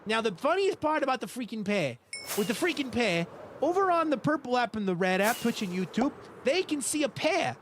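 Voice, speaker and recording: A man voicing a loud, brash talking pear in a deliberately bad mock Boston accent, with a raised, shouty, nasal delivery. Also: very high-pitched, very animated, a little hiss or hum, pitched above the performer's own voice, full character voice.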